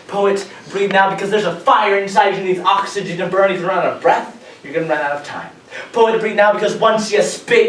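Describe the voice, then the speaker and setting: A man's voice: high voice, a little hiss or hum. A young man performing spoken-word poetry at a competition, rhythmic and emphatic, with building intensity. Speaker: competing poet. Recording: roomy, distant mic, faint ambience.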